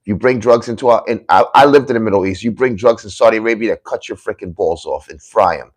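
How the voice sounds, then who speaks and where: A man's voice: on the low side, fast. A male political commentator on a livestream, reading viewer comments aloud and answering them in a combative, scolding way, hammering his points in repeated lists. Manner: combative, scolding, calls critics dummies; repetitive emphatic lists.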